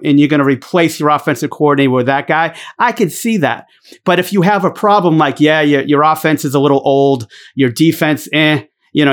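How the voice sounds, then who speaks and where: A middle-aged man, a former basketball coach hosting a show, ranting bluntly with heavy swearing and lots of fillers and restarts. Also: fairly high pitch. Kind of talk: profane casual rant.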